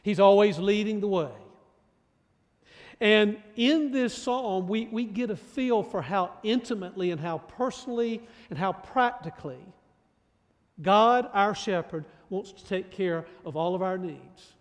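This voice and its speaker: A male pastor delivers a sermon in an emphatic preaching manner. His voice sits high, and he often restarts and repeats words as he presses a point. A long reverb trails every phrase. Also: measured pace.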